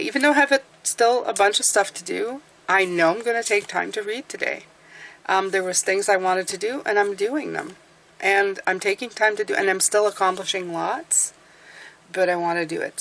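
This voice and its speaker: A woman hosts her own tarot reading channel, talking casually in a rambling, talkative, self-deprecating way. Her voice is medium in pitch with a fairly bright tone.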